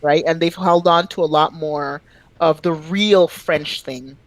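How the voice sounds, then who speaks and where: A woman from Quebec chats on a podcast in a somewhat low voice. She tells animated stories, bursts into sudden high-pitched exclamations and swears freely. The sound is dry and close, with no room echo. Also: unhurried. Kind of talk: casual chat.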